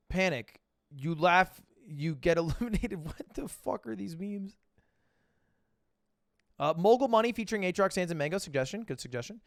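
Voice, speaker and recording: A man's voice: high-pitched, lively intonation, normal speed, no echo, studio quality. A man in his twenties hosting a stream, joking in casual chat and laughing often. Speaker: streamer host. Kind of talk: casual chat while reacting to posts.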